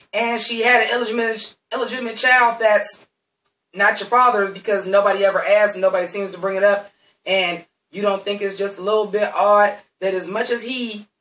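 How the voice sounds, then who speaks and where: A man's voice: high voice, pushed and bright, roomy sound, distant mic, rough recording. A man giving a blunt, heavily profane recap of a TV episode, talking straight to his viewers. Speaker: TV recap reviewer.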